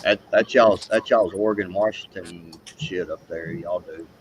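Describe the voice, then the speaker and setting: A man's voice: low voice, fairly even intonation, normal speed. Slangy man mock-scolding, noisy line. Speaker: stream guest. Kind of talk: casual group chat.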